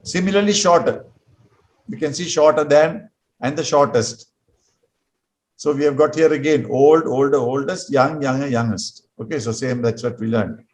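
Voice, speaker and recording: A man teaching an English grammar lesson to a class, patiently drilling words slowly and repeating them. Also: mid-range voice, darkish tone, poor audio.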